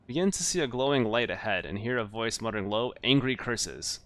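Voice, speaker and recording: A man's voice: mid-range voice, lively intonation, fairly quick, fairly bright tone. A man playing through a text adventure, chatting casually and reading the game's narration aloud with asides. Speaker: game streamer.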